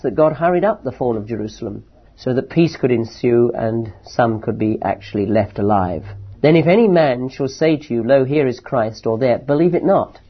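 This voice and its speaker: A man teaching verse by verse from the Bible, reading scripture slowly and then explaining it with emphatic rises. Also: mid-range voice, breathy edge. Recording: dull lo-fi recording.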